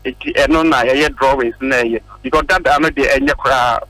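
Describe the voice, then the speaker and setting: A man's voice: mid-range voice, fairly even intonation, a little fast, bright, forceful tone, no echo, recorded from a distance, rough recording. A Ghanaian man, a district official interviewed on the radio, speaking politely in Twi and English.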